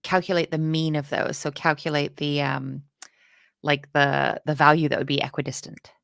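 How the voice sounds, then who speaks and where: Woman, low voice, chatty learner in a coding stream, dry mic. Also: little pitch movement, gravelly, fairly bright tone, no room sound. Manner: chatty, self-deprecating, quick laughs. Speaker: co-host learning to code. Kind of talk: casual live coding chat.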